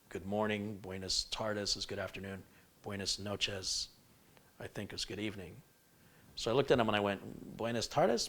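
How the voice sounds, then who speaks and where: A man's voice: on the low side, pushed and bright. Chatty man hosting a live stream. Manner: rambling and chatty, often laughing and reading viewer comments aloud. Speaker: PC building livestream host. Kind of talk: casual live-stream chat.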